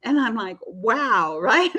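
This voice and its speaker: A woman's voice: fairly high pitch, animated, slow, bright, forceful tone. Chatty, storytelling woman in her fifties. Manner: chatty storyteller, laughs often. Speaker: author guest. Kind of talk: casual podcast conversation.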